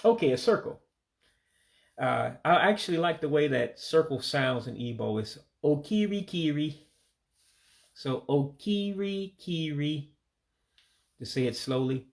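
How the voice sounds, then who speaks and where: A man who speaks English as his first language gives a casual vocabulary lesson, repeating each word slowly and pronouncing it carefully. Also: medium pitch, gravelly. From United States. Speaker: language learner teaching vocabulary.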